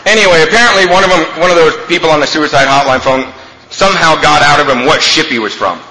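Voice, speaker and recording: Animated man telling a funny story. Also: a little high, fast, slight background noise. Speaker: AA speaker. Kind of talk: humorous storytelling talk. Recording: echoey hall, faint ambience.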